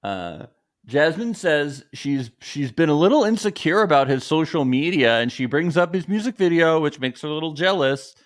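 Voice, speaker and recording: A man co-hosting a casual podcast recap, chatty and lively, acting out quotes in a raised voice. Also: on the high side, normal speed. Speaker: podcast co-host.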